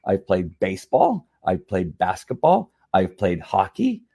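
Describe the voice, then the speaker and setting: Slightly hoarse man rambling on a livestream. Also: deep voice, huge pitch swings, unhurried, warm tone. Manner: rambling, repeats words, laughs often. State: slightly hoarse from strained vocal cords. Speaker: livestream host. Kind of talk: casual livestream talk.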